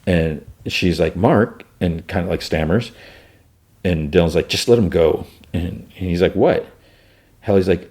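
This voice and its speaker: Low-voiced man rambling through a recap. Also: moderate pace, darkish tone. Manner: loosely acts out characters' lines with rising pitch; rambling, filler-heavy retelling. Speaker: podcast host. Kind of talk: casual episode recap.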